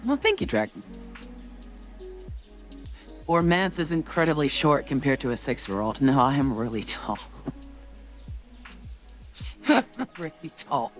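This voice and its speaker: Young male streamer, animated and chatty, full of ums and laughs, faint music under him. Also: medium pitch. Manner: animated, laughs often, rambling with fillers. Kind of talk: casual gaming stream chat.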